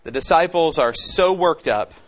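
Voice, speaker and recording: A man's voice: on the high side, animated, moderate pace, a bit bright. A man preaching an expository sermon, teaching conversationally and asking questions of the congregation. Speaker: pastor.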